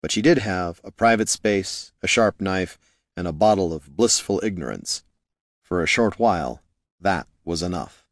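A man narrating a fantasy novel in a steady, measured way. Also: low-pitched, no room sound, clean studio sound. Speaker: audiobook narrator.

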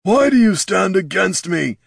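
A man's voice: high voice, very animated, a little slow, gravelly, husky, no echo, studio quality, pitched above the performer's own voice, full character voice. A man voicing a huge male orc chieftain who bellows and chokes with raw emotion. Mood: wounded anger. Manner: bellowing, voice cracking into sobs.

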